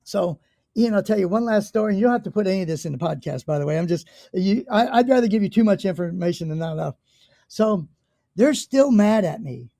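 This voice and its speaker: An American man in his sixties, a guest telling stories in a lively way, swearing casually and acting out the people in them. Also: high voice, fairly quick, gravelly, no echo, studio quality. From United States. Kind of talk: conversational storytelling.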